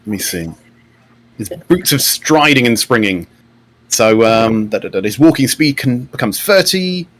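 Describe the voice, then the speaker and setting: A man's voice: mid-range voice, animated, a little slow. A man, narrating a tabletop game as game master. He talks in a chatty way, with many fillers and restarts.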